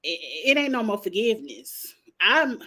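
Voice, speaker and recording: A woman's voice: medium pitch, unhurried. A woman hosting a casual TV recap, telling the story with sass and playful cursing. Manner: sassy, animated retelling with playful cursing. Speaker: show recap host.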